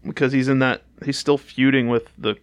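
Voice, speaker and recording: A man's voice: medium pitch, flat delivery, fairly quick, no room sound. A man co-hosting a wrestling podcast, cracking jokes and chuckling through casual banter. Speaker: podcast co-host. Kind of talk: casual chat.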